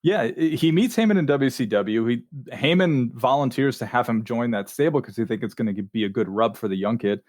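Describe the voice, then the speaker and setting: A man co-hosting a podcast, telling stories in a relaxed, chatty way with fillers. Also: mid-range voice, a little fast, few pauses, no echo, clean studio sound. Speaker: podcast co-host. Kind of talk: casual chat.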